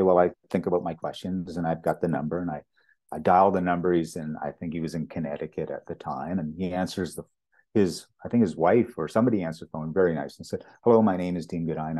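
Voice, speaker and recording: A deep-voiced Canadian man, a property master appearing as an interview guest, tells anecdotes. He's an animated storyteller who acts out the dialogue he quotes.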